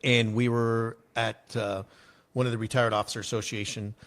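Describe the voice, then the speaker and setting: A man in his forties from Arizona, a podcast guest telling stories from his life in a casual, lively way, with plenty of ums and uhs. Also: medium pitch, normal speed. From United States (Arizona). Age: 40s. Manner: lively storyteller, acts out quoted people, many fillers. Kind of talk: casual storytelling interview.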